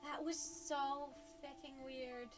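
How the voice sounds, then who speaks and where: High-pitched girl streamer chatting slow and giggly, kinda far from the mic, soft music in the back. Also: flat delivery. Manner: giggly, flustered, halting with restarts. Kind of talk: casual livestream chat.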